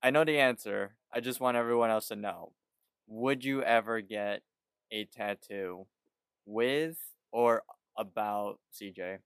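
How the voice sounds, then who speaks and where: Low, smooth-voiced man in casual podcast chat. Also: unhurried, no room sound. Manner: relaxed, swears freely. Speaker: podcast co-host.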